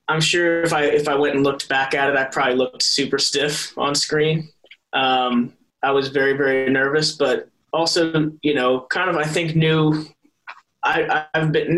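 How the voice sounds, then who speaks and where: A man's voice: mid-range voice, fairly bright tone, poor audio. A young man guesting in an interview, talking earnestly and rambling through many restarts and fillers. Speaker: actor guest. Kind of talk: casual interview chat.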